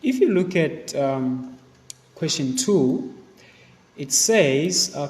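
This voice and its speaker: A man's voice: fairly high pitch, expressive, very slow, long pauses, long reverb tail. A man teaching a literature exam review. He talks students through each question and uses plenty of fillers and asides. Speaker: English teacher.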